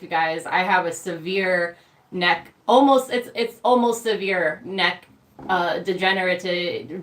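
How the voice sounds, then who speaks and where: A woman's voice: medium pitch, a bit bright, recorded from a distance. A woman co-hosting a livestream, venting emphatically and with plenty of profanity in casual chat. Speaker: livestream co-host. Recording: echoey room, off-mic.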